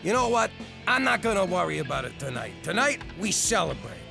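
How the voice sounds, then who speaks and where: An actor voicing a blustery middle-aged former mob boss and father in an animated comedy, with a New York accent. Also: high voice, a little fast, over music, heavily acted. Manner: blustering, gravelly, soft with his daughter.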